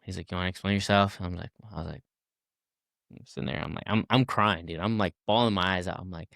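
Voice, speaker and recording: A man's voice: low voice, fast talker, creaky, fairly bright tone, no echo, studio quality. A man in his twenties, a podcast guest, telling a casual story and acting out the people in it with many fillers and restarts.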